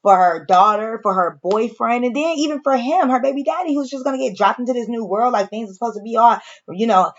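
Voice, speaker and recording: A woman's voice: a little high, brisk, few pauses, highs cut off. A woman casually recapping and reacting to a TV episode, chatty and slangy, talking straight to her viewers. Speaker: show reviewer.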